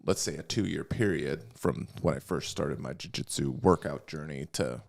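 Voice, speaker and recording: Gravelly and extremely low in pitch, a man speaks at a moderate pace while hosting a podcast. His casual talk wanders, with many restarts and easy laughter.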